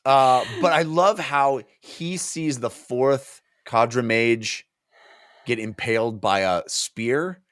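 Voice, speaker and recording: Recorded with studio quality and no echo, this man's mid-range, slightly bright voice takes its time. As a podcast co-host, he eagerly retells a book's scenes in casual chat, often restarting and using fillers.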